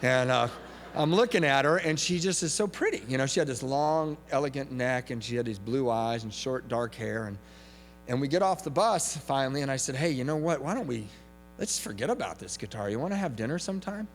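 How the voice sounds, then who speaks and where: Animated storytelling man in an echoing hall. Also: medium pitch, brisk, faint music behind. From from Southern California. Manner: animated comic storytelling, shouts punchlines. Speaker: AA speaker. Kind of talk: recovery meeting talk. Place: large hall with audience. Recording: reverberant hall recording with faint hum.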